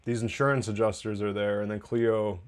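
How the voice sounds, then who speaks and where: A man's voice: fairly low pitch, level tone, normal speed. A man hosting a TV review podcast, recapping an episode in a loose, chatty way with profane asides and laughs.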